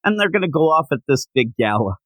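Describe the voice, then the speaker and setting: A man on a podcast talking in a lively, swinging voice that climbs fairly high. He rants casually and drops into quick mocking impressions of characters. The sound is close and dry. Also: no room sound, low-quality recording. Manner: animated, mocks characters with quick put-on quotes. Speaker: podcast co-host. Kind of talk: casual comic book discussion.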